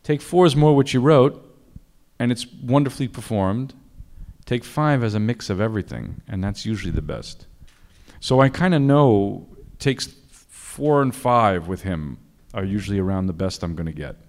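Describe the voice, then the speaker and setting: A man who directs films, talking in an interview and telling self-deprecating anecdotes with halting restarts. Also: lowish voice, animated, darkish tone. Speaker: film director. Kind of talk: interview conversation.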